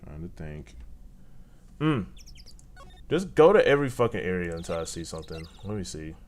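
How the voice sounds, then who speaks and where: A man's voice: low-pitched, big pitch swings, normal speed, darkish tone. Cursing man playing a game aloud. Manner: profane, exclaiming, talks to himself. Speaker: gaming streamer. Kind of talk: casual let's-play commentary.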